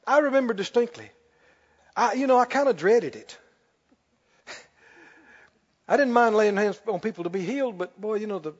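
A male preacher with a high, lively voice, telling his story with chuckles and sudden loud prayer bursts. He sounds like he is in a big hall with a long reverb, and the recording is dull and lo-fi. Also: husky. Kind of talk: sermon.

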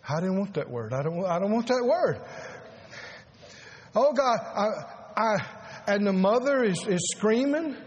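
A man preaching a sermon as pastor, earnest and halting, repeating words and rising to emphasis. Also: sits high, expressive, darkish tone.

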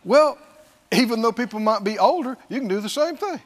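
A man preaching a sermon in an animated way, laughing often and acting out the voices of the people he quotes. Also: very high-pitched, a little fast, very noisy.

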